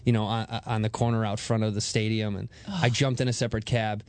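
A man in his thirties from Chicago, a comedian guest on a talk show, telling a story fast and excitably and acting out the quotes. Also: lowish voice, no echo.

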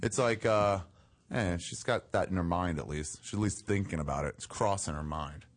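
A man's voice: deep voice, normal speed. A man, a comedian co-host, dropping dry, wry asides in a casual podcast chat.

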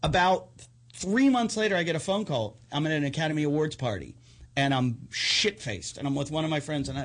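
A man with a husky, slightly high voice tells crude stand-up tales in a loose, animated way. He slips into the voices of the people he describes as he goes. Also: brisk. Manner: profane, animated storytelling with quoted voices. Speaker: stand-up comedian guest. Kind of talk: casual storytelling chat.

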